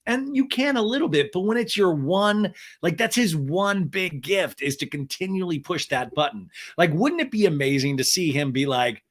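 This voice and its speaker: Talking pop culture on his podcast, a male host keeps things casual and lively, with laughter and goofy voices for quoted lines. His voice sits high, and he speaks at a moderate pace with few pauses.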